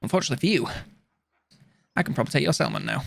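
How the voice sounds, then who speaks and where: A young man chatting casually while playing a strategy game on stream, rambling and mocking himself with quick jokes. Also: fairly high pitch, expressive, vocal fry. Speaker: gaming streamer. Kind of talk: casual let's-play commentary.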